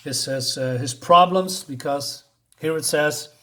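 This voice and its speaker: A man's voice: fairly high pitch, measured pace, fairly bright tone. A man giving a casual, rambling comic book review on his channel, with lots of fillers and restarts.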